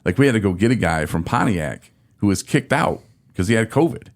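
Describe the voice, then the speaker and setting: A low-voiced man hosts a casual podcast chat. He tells his story with animated exasperation and acts out his own quotes as he goes. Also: a little fast. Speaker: podcast host.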